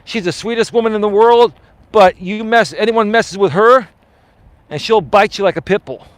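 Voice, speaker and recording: Man, high voice, passionate, emphatic, argumentative, walking live stream, outdoors on a street. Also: moderate pace, no echo. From Greek heritage. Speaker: life coach live streamer. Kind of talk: walking live stream, reading chat aloud.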